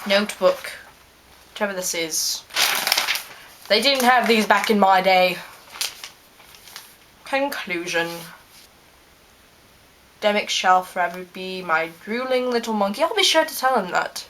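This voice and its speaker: A woman playing a smug, rambling male scientist character in a fan-made in-character video, talking with plenty of ums and trailing pauses. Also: medium pitch, lively intonation, fairly bright tone, a little hiss or hum.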